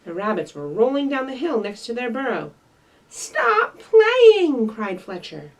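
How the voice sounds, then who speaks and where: Animated woman reading to kids. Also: mid-range voice, brisk, far from the mic, poor audio. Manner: bright, sing-song, animated. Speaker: children's librarian. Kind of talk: children's story time reading and singing.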